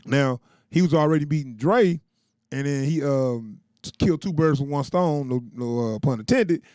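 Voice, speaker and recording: A man's voice: medium pitch, normal speed, a little mellow, no room sound, clean studio sound. A man giving a casual, loose recap of a TV episode, chuckling often and leaning on filler words. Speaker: TV show reviewer.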